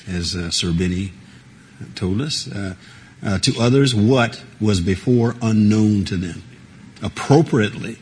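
A man's voice: on the low side, a little slow, darkish tone, slightly rough. A man teaching a Bible study to a small group, talking conversationally with frequent fillers and laughs and asking the group questions.

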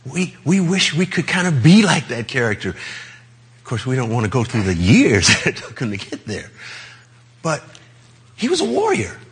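A man's voice: mid-range voice, lively intonation, normal speed, husky. A man preaching a sermon in a loose, conversational way, with chuckles as he talks.

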